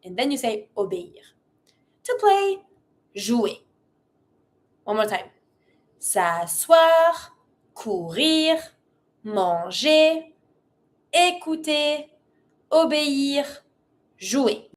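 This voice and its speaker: A woman's voice: high voice, extremely slow, long pauses. A woman who is a native French speaker teaching a French lesson. She drills pronunciation carefully and switches between English and French. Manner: energetic when demonstrating commands. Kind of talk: language lesson.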